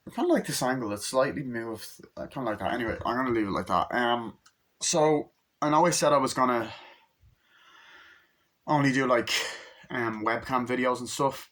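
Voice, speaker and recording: Young man, casual phone-recorded movie rant; eager, profane, acts out lines mid-sentence. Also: mid-range voice. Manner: excited, swears a lot, acts out scenes with quick voices. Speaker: movie reviewer. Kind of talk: casual rambling movie review.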